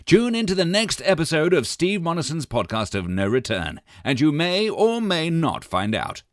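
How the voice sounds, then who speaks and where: A man's voice: a little high, big pitch swings, moderate pace, dry recording, clean studio sound. A man with a British accent announcing in a theatrical, wry scripted narration.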